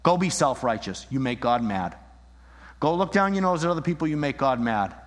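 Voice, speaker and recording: A man preaching a sermon, animated, acting out little scenes and shifting his voice as he argues. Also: mid-range voice, fairly quick. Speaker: pastor. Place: church. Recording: long reverb in a hall.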